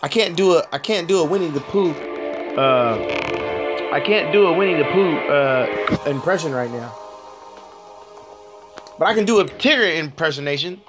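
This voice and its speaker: A man in his thirties with a hoarse voice, chatting casually and laughing at himself while commenting on a mobile game at home. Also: a little high, expressive, normal speed, long pauses, music in the background.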